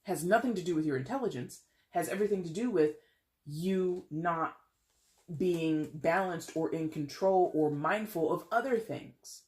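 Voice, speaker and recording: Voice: mid-range voice, unhurried, a little mellow. A tarot reader giving a casual solo reading to camera, blunt and sassy, swearing freely and chatty, with laughs and restarts. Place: alone in a room at home. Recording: echoey room.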